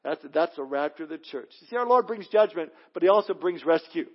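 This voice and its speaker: A man's voice: fairly high pitch, animated, a little fast. A man preaching a verse-by-verse sermon, earnest and emphatic, often repeating words as he restarts a thought. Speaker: pastor teaching through a Bible book. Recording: dull lo-fi audio.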